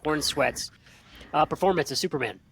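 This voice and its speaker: A man's voice: on the high side, moderate pace, vocal fry, fairly bright tone, breathy edge. A man co-hosting a casual podcast chat who speaks in a tentative, hedging way. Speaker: podcast co-host.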